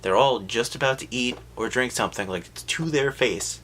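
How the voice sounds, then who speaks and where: A man giving a sarcastic, profane comedic recap of a film, jumping into quick voices for the characters. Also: mid-range voice, a bit bright, a little hiss or hum.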